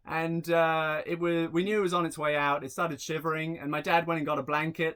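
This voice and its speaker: A young man from England doing a rambling, deadpan stand-up set with many fillers. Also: a little high, brisk, hardly any pauses, clear, resonant tone. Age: young adult. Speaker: stand-up comedian. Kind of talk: stand-up set over a video call.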